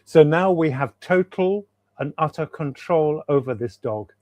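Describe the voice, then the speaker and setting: A man's voice: on the high side, animated, unhurried, dark tone, dry recording. Enthusiastic man, rambling on a call. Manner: enthusiastic, rambling, repeats himself for emphasis. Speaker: guest author. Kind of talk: casual interview chat. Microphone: video call.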